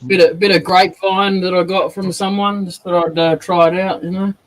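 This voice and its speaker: A laid-back man hosting a woodworking livestream, chatting casually with viewers. His voice sits a little higher than most men's, and he talks in an unhurried, easy way. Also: little pitch movement, low-quality recording. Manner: laid-back and laughing easily. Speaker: woodworking streamer. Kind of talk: casual live chat.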